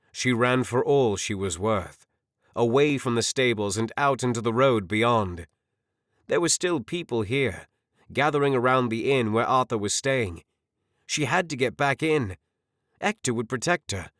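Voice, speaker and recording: Reading scripted narration for a fantasy audiobook, a man with a fairly low voice tells the story in a measured, expressive manner. The clean studio recording carries no room sound.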